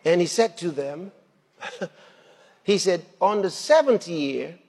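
A man preaching a sermon, animated, laughing between points and rising to shouts at the peaks. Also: high-pitched, slow pace, breathy edge. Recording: long hall reverb.

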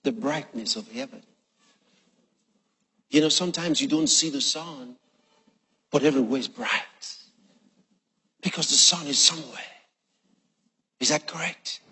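A man preaching a sermon, quoting scripture slowly and with emphasis between long pauses. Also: on the high side, sharp tone, slightly rough. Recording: long reverb of a large hall.

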